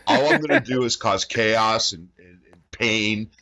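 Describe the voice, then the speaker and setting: A man co-hosting a podcast in casual chat, talking bluntly with profane dark humor. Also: lowish voice, huge pitch swings, unhurried, gravelly. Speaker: podcast co-host.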